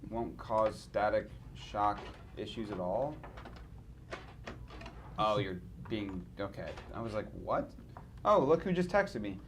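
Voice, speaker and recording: A man's voice: lowish voice, lively intonation, slow pace, pauses often, a little hiss or hum. A man hosting a casual livestream, tired after little sleep and rambling with restarts. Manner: rambling, self-mocking, with many restarts. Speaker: stream host.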